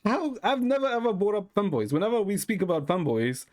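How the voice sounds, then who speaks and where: Deadpan swearing male streamer, lively pitch. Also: fast. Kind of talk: casual stream chat.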